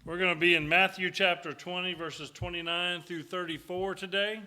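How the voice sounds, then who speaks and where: Guy preaching, middle-aged, kinda high bright voice, folksy jokey storyteller in church. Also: flat delivery, normal speed. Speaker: guest preacher. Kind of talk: sermon with storytelling. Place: church sanctuary.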